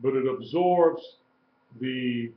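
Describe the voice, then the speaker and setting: A man teaching a live-streamed lesson, explaining slowly and repeating key points. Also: mid-range voice. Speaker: Hebrew teacher. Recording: echoey room, dull lo-fi sound.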